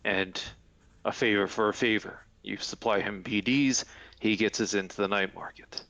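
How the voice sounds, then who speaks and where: A man at a tabletop game, talking through a practical plan with the group. His voice is a bit low but bright and forceful. He keeps to the point. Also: fairly even intonation, moderate pace, muffled recording. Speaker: player. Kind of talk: tabletop game role-play.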